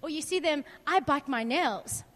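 A woman's voice: high voice, normal speed, fairly bright tone, long reverb tail. A young woman giving an informal faith talk to a group, chatty and candid, asking the room questions and sharing personal stories. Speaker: youth speaker.

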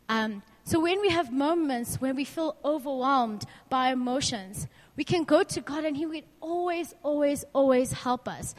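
A woman's voice: sits high, big-room sound. A young woman giving an informal faith talk to a group, chatty and candid, asking the room questions and sharing personal stories. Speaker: youth speaker.

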